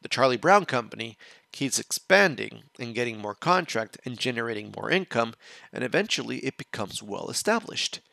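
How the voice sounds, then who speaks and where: A man's voice: medium pitch, very animated, normal speed, creaky, pushed and bright, no echo. A man hosting a reaction show, telling a long story in a casual, rambling way and restarting his phrases as he explains. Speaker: watch-along reaction host.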